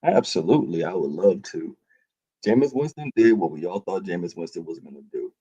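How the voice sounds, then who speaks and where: Deep-voiced man, exasperated about football. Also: animated, brisk, warm tone, slightly rough, no room sound, muffled recording. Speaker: podcast guest. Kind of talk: casual sports podcast chat.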